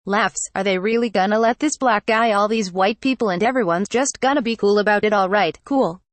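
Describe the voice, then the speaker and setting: A text-to-speech woman's voice reading a news article aloud in an even, machine-read delivery. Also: mid-range voice, brisk, no room sound. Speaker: article reader.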